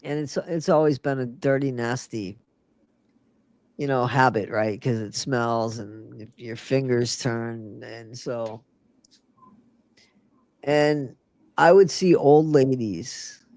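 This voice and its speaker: A woman's voice: extremely low pitch, slow pace, long pauses, a little mellow, no room sound. Drowsy older woman, dry close voice. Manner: rambling, trails off, repeats herself. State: sleepy after working nights. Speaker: co-host of a livestream chat show. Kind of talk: casual chat.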